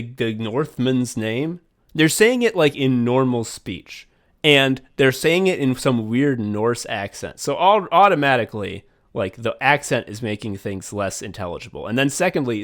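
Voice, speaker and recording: A man in casual podcast chat, sarcastic and given to swearing, his voice sitting in an ordinary middle pitch. He breaks into loud, mocking bursts when he gets worked up. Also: lively intonation, moderate pace. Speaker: podcast co-host.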